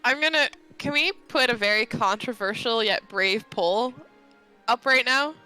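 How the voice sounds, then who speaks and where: A woman's voice: fairly high pitch, a little slow, bright, forceful tone, smooth, soft background music. A woman co-hosting a game livestream, full of playful, joking banter. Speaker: stream co-host player. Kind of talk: casual livestream chat.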